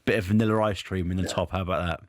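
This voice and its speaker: A man's voice: deep voice, steady tone, racing, no room sound. Young guy hosting, chatty and jokey, dry close sound. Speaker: podcast host. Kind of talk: casual chat.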